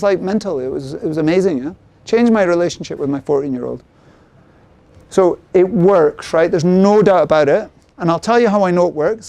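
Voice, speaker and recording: A middle-aged man presenting a sales workshop who keeps checking in with the audience through quick tag questions. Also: high-pitched, warm tone, no echo. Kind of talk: interactive seminar talk.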